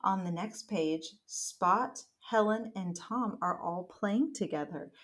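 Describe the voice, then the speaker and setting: A woman reading a picture book aloud to her small child in a gentle, encouraging way. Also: mid-range voice, slow. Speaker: mother reading to her toddler.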